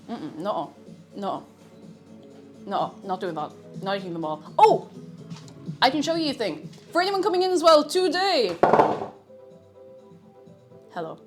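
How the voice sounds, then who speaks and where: A woman chatting to her viewers in a casual, self-mocking way while she bakes in her kitchen. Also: medium pitch. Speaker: streamer. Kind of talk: live-stream baking chat. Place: home kitchen.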